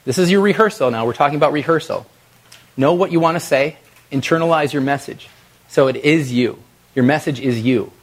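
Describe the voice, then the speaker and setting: A middle-aged man giving an energetic coaching talk to a live workshop audience. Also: a little high, brisk. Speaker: video presentation trainer.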